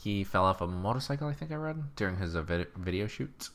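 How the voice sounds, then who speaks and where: A woman's voice: rumbling low, expressive, fast. A woman co-hosting a podcast in casual chat, playful and rambling, laughing often. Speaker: podcast co-host.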